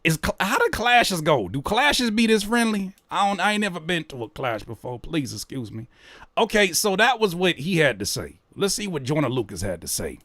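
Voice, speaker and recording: A man in casual reaction commentary whose high voice leaps all over the place. He cracks jokes and throws in profane slang. The sound is dry and close up. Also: moderate pace, dry recording. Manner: animated, joking, rereads lyrics aloud. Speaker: reaction host.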